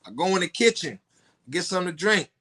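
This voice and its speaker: Animated, foul-mouthed man telling a story. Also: sits high, quick pace, husky. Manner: animated, profane, blunt storytelling with rising outbursts. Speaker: podcast guest. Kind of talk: storytelling on a podcast.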